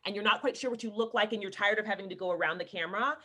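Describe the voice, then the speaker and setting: A woman from Texas, an actress telling stories in a casual video-call interview, lively and laughing as she acts out the people she quotes. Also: mid-range voice, racing. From Houston, Texas. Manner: animated storyteller, laughing, acting out quoted people.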